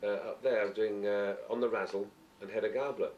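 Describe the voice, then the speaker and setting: Middle-aged guy with a lowish voice telling stories in an interview, sounds far off in an echoey room, bit of hiss. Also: steady tone, fast talker, darkish tone, dull audio. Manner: rambling anecdotes, acts out quoted voices. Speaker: interview guest, actor. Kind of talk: casual chat. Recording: roomy distant amateur recording.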